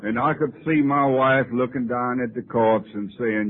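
A man's voice: medium pitch, moderate pace, few pauses. Folksy man on lo-fi tape. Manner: folksy, wry, self-mocking storyteller. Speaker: recovery meeting speaker. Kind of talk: personal storytelling talk. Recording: muffled lo-fi old tape, faint hiss.

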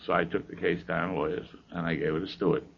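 Gravelly older man telling a wry story. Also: sits low, little pitch movement, quick pace. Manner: wry, dry humor, conversational asides. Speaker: speaker sharing his recovery story. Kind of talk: humorous storytelling talk. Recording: dull lo-fi recording with faint hiss.

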